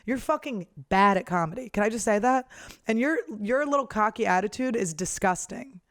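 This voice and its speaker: A professional comedian and podcast host, this woman delivers a casual monologue as a blunt, profane, lively rant. Her voice is medium-pitched at a moderate pace, recorded with studio quality and no room sound.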